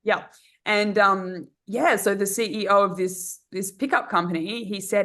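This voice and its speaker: A woman's voice: mid-range voice, fairly even intonation, normal speed, fairly bright tone. An Australian woman in her thirties, a guest on a casual podcast, chatting in a rambling way with many fillers and restarts. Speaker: guest, dating coach.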